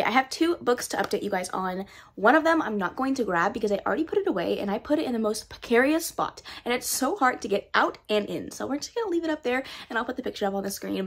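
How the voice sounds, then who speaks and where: A young woman talking casually to the camera at home about the books she is reading, animated and self-deprecating. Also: medium pitch, dry recording. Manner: chatty, animated, self-deprecating with bursts of loud excitement. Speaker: book vlogger. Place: her home.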